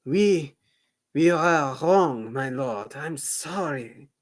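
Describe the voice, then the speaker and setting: A man voicing an anxious young soldier, speaking in a halting, nervous way. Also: high voice, lively intonation, pitched above the performer's own voice. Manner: nervous, halting, drawn-out delivery. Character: anxious young male soldier guarding a cave.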